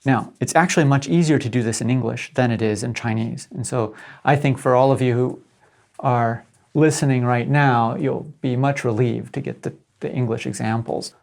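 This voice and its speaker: Lecturing step by step, a middle-aged man working as a professor speaks at normal speed with fairly even intonation. His medium-pitched voice is gravelly and creaky yet a little mellow, and he regularly checks in with listeners.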